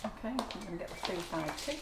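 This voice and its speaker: A woman's voice: mid-range voice, expressive, quick pace. A woman running a live cake decorating demonstration, chatty and teasing. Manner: chatty, teasing, laughs often. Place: kitchen. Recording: echoey kitchen with background noise.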